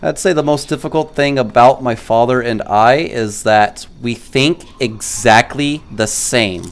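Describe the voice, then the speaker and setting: A gaming streamer telling casual, animated stories to his chat, with many "like" fillers. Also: mid-range voice, a little slow. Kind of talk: casual storytelling while streaming.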